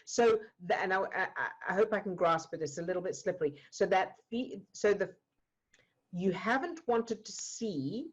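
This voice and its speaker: A woman guiding a client through an emotional coaching exercise, gentle and explaining step by step. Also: medium pitch, animated, moderate pace, husky, dull audio. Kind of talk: live online coaching session. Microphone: video call.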